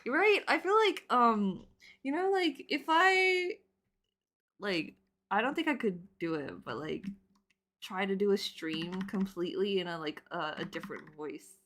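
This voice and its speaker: A woman in her twenties chatting casually while she draws on stream, rambling with lots of fillers and laughing loudly and often. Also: mid-range voice, animated, unhurried. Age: 20s.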